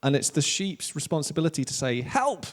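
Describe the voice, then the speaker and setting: A man in his thirties with a Welsh accent, preaching a relaxed sermon with jokes at his own expense. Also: mid-range voice, moderate pace. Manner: casual, joking, self-deprecating preaching. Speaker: pastor. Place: church hall. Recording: long church hall reverb.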